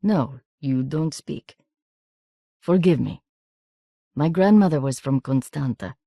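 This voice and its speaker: A woman voicing a friendly but faintly menacing teenage boy with a soft Romanian accent, who speaks slowly in halting phrases. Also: low-pitched, creaky, no echo, clean studio sound, heavily acted. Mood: coaxing.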